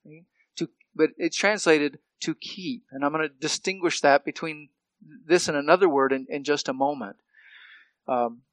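A man's voice: on the high side, fairly bright tone, no room sound. A male pastor preaching a sermon in a conversational way, often checking in with "right?" and restarting phrases.

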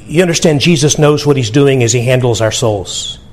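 A man's voice: mid-range voice, a little fast, darkish tone, a little hiss or hum. A man preaching a sermon to his church, earnest and emphatic, with a conversational delivery and frequent restarts. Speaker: pastor.

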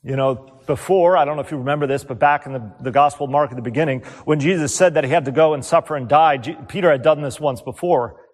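Man, preacher, sermon, earnest rhetorical questions, slightly high-pitched, long hall reverb. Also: fast, hardly any pauses. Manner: earnest, rhetorical questions, drops soft on key words.

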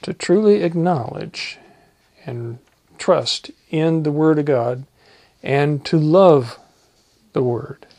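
A man preaching, reading psalms aloud in a slow, measured way and adding short comments. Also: on the high side, darkish tone, no echo. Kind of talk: Bible reading and sermon.

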